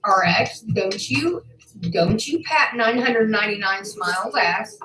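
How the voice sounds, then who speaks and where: A woman on a livestream, furious and profane, who swings between shouting and a low, seething voice. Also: expressive, a little slow, reverberant, a little hiss or hum, low-quality recording. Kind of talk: angry livestream rant.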